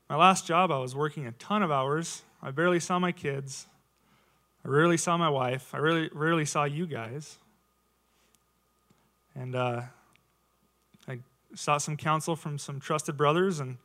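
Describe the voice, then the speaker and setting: A man's voice: a little high, bright, forceful tone. A man in his thirties giving a casual, conversational sermon to his church, full of rhetorical questions. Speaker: lay preacher.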